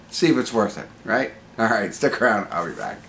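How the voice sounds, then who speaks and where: A middle-aged man with a fairly low voice rambles through a casual movie review, slightly hoarse, full of "um"s, restarts and little jokes at his own expense. A faint room ambience sits behind him. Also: big pitch swings, a little fast, fairly bright tone, a little hiss or hum. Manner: rambling, self-joking, many fillers and restarts.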